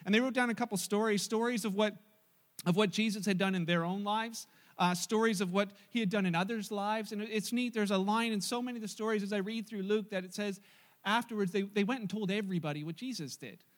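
A male pastor preaching a sermon, telling stories in an animated way and acting out the voices. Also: high-pitched, brisk. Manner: animated storytelling with acted-out voices.

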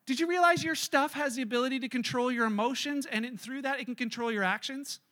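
A man preaching to his congregation in a very high, bright voice that carries plenty of force. He preaches in an animated way and slips into playful voices to act out everyday scenes. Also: fast talker. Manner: animated, acts out everyday scenarios in little voices. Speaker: pastor. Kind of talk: sermon. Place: church service.

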